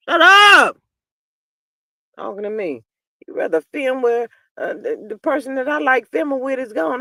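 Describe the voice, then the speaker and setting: Sassy woman streamer, dry close mic. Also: no echo. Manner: animated, sassy, swings between low mutters and loud outbursts. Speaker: reality TV commentary host. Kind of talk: live-stream chat reading viewer comments.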